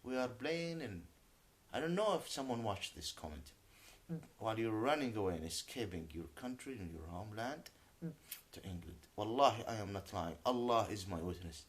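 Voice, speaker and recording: A native Arabic speaker, a man, rants into the camera with an indignant edge. His pitch leaps and dips widely as he swears to his honesty. He slips between English and Arabic phrases. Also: animated, normal speed, breathy edge. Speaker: YouTuber. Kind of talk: unscripted vlog rant.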